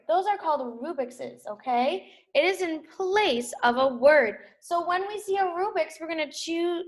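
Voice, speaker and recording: A young woman teaching a recorded reading lesson to small children, sounding out letters and words with steady encouragement. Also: high voice, echoey room.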